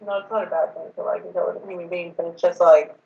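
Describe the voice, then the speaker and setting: A woman's voice: on the low side, steady tone, fast, vocal fry, mellow. Nervous, rambling young woman, far off. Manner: nervous, rambling, laughing often. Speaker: woman talking with her ex. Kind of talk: casual chat. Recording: distant roomy muffled mic with faint hiss.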